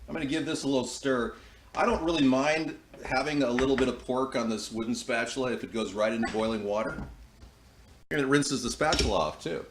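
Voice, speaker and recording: A man's voice: medium pitch, fairly quick. A man in his fifties hosting a home cooking show, chatting and rambling with folksy asides as he cooks in his kitchen on a close-up mic. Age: 50s. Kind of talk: casual cooking demonstration. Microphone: close-up wired mic. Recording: noisy recording.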